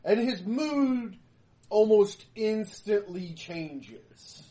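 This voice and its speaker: A man taking part as a player in a tabletop game, animated and quick to jump in. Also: high-pitched. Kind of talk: casual tabletop play.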